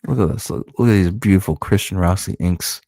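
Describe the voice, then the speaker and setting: Deep-voiced man swearing through a comic. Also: a little fast, no room sound, studio quality. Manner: profane, animated storytelling. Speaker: comic book creator. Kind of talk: casual comic-book walkthrough.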